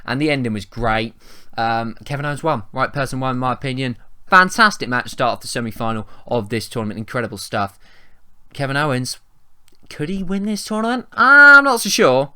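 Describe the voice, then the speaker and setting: A man's voice: medium pitch, sharp tone. An English man giving a rambling, chatty wrestling review, often restarting his sentences and swearing casually. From England.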